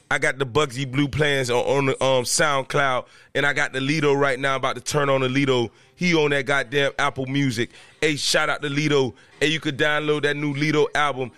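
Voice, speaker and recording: A man's voice: mid-range voice, bright, forceful tone, clean tone, no echo. A man hosting a casual podcast from a room at home, ranting in an agitated, repetitive way and raising his voice at times. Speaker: podcast host.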